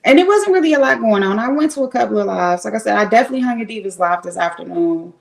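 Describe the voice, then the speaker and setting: Brief: woman streamer, middle pitch, loose and frank, talking to chat from home. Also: expressive, fast, gravelly, poor audio. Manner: chatty, rambling, frank, swears. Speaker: livestreamer. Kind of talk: casual chat with live viewers. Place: home in Cleveland. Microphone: streaming setup at home.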